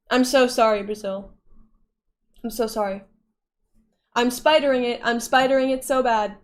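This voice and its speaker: A woman's voice: a little high, moderate pace, darkish tone. A young woman livestreaming, casually reading and answering chat with playful giggles.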